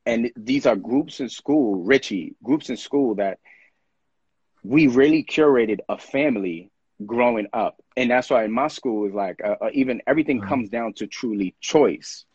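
A man's voice: mid-range voice, normal speed, darkish tone, slightly rough, dry recording, highs cut off. A man talking casually and earnestly in a podcast conversation, reflecting on friendship and feelings and acting out what others say. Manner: earnest, reflective, acts out quoted voices.

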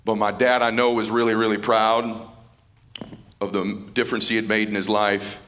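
A man's voice: on the low side, flat delivery, normal speed, a bit bright. A man giving a live motivational speech at an event, fervent and repeating phrases for emphasis. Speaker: motivational speaker.

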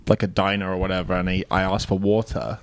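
A man's voice: low voice, fast talker. A young British man chatting casually as a podcast guest, hesitant and full of "like"s. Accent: British English. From England. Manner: relaxed, hesitant with many "like"s.

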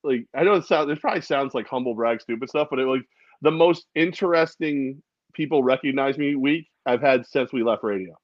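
A man's voice: mid-range voice, brisk, no room sound. Laughing storyteller man, dry dull sound. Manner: animated storyteller, laughs a lot. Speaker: co-host of a sports podcast. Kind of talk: casual sports chat.

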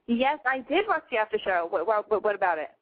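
A woman hosting a call-in show, blunt, profane and excitable in casual chat. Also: mid-range voice, fast talker. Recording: tinny phone-like sound.

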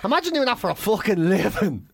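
Animated, swearing Irish man telling stories. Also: high voice, quick pace, creaky, slight background noise. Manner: animated, laughing, heavy swearing, acts out shouts. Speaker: comedian and podcast co-host. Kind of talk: casual storytelling chat.

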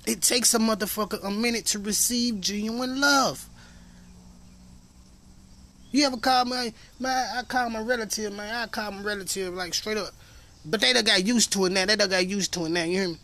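A man's voice: sits high, normal speed, bright, forceful tone. A man hosting a podcast in a casual monologue, emphatic, profane and preachy, rambling as he goes. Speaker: podcast host.

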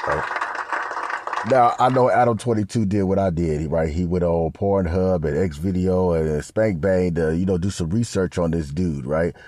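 A man hosting a podcast in crude, rambling casual commentary that swings up loud and high when he gets worked up. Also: moderate pace. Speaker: podcast host. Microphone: podcast mic.

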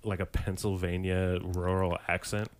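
A man's voice: low-pitched, flat delivery, moderate pace. A man co-hosting a podcast, joking and swearing casually. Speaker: podcast co-host. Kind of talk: casual chat.

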